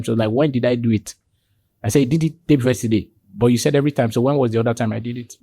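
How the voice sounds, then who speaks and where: Husky man, lively storyteller. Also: quick pace, no echo. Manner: acts out quoted dialogue with sudden high jumps in pitch. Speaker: podcast guest. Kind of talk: animated storytelling in conversation.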